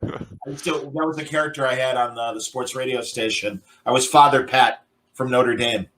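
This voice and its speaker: A man's voice: mid-range voice, fairly even intonation, moderate pace, a bit bright, slight background noise, poor audio. A man hosting a podcast in casual chat, joking and slipping into character voices. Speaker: podcast host.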